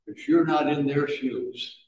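A male pastor preaching a sermon, moving between quiet asides and raised, urging exhortation. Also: a little high, unhurried, a little hiss or hum. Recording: echoey room, mic at a distance.

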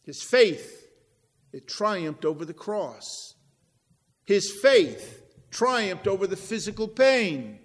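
A man preaching a sermon, slow and deliberate, swinging from loud stresses to near-whispered drops. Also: high-pitched, very animated. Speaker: pastor. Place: church. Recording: long reverb in a large hall.

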